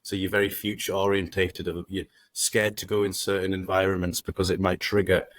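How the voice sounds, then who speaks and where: Guy on a podcast, lowish voice, rambly, swears a lot, dry close sound. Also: monotone, brisk, a bit bright, no room sound. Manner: rambling, swears freely, acts out inner voices. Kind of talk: casual podcast conversation.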